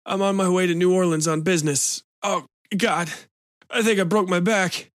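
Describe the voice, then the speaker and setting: Man voicing a desperate wounded stranger, pleading and gasping, higher voice, storybook reading. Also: fairly even intonation, normal speed, no echo, studio quality, close to an everyday voice.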